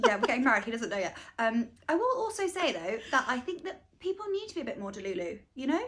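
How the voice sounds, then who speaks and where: A woman's voice: on the high side, very animated, quick pace, fairly bright tone. A young woman co-hosting a podcast in casual chat, chatty and giggly, poking fun at herself. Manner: chatty, giggly, self-mocking. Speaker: podcast co-host.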